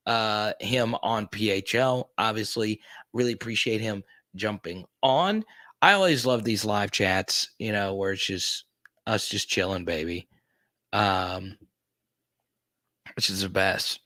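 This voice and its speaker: A man hosting a casual livestream, chatting with viewers and greeting them by name with bursts of excitement. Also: lowish voice, dry recording, clean studio sound. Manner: excitable, greets chatters loudly, many restarts. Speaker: host.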